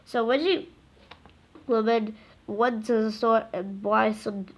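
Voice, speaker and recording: A woman reading a children's book aloud, halting often with stumbles and self-corrections. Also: on the high side, fairly even intonation. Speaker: reader.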